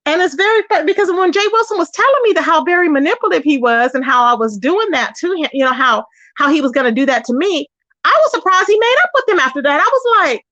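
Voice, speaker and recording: Woman, sassy emphatic commentary, very animated, muffled lo-fi recording. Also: sits high, quick pace. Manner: sassy, emphatic, addresses viewers as y'all. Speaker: YouTube commentary host. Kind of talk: casual drama commentary chat.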